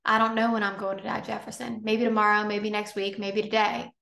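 A woman's voice: medium pitch, little pitch movement, fairly quick, creaky, sharp tone. A woman voicing an earnest male schoolteacher who pleads urgently with a prisoner. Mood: pleading. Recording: roomy echo.

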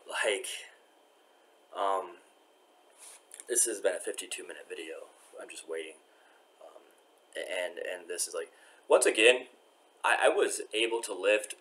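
A man's voice: deep voice, fairly bright tone. A man talking to his camera while waiting in a courthouse, rambling with many restarts and often trailing off to a mutter. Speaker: vlogger. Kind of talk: rambling vlog monologue.

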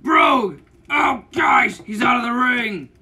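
A man calling a wrestling video game match play by play, shouting out moves and pin counts. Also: very high-pitched, animated, slow. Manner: shouts move names and counts, yelps at big hits. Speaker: channel owner commenting on wrestling matches. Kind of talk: excited play-by-play game commentary.

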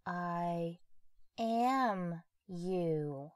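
An eerie, plaintive little boy ghost speaks in a soft, high, childlike voice, as a woman reading a horror story puts him on. The sound is dry and close. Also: expressive, measured pace, dry recording. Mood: mocking.

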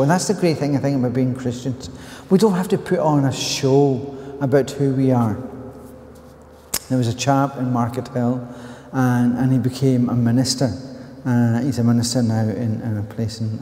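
An earnest Northern Irish man delivers a sermon in a mellow, soft-edged voice, telling stories and stumbling over restarts as he goes. His words ring through a church with a long, roomy echo. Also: mid-range voice. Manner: earnest, storytelling with frequent restarts. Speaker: preacher. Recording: echoey church reverb.

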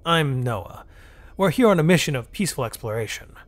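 A man voicing a friendly human space explorer who talks eagerly and apologetically, pitched above his own voice. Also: animated, fairly quick, close to an everyday voice. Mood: earnest.

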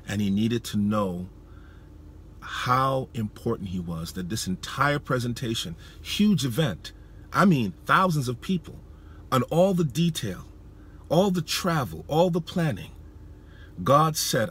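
A man preaching, telling a personal story in an emotional, halting way, often repeating his words. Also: mid-range voice, lively intonation, fairly bright tone, a little hiss or hum. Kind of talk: sermon storytelling.

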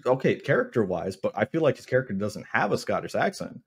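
A man in his thirties chatting on a podcast with a slightly low voice. He tells stories in quick, animated bursts, casual and loose. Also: husky. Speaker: podcast co-host. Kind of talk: casual chat.

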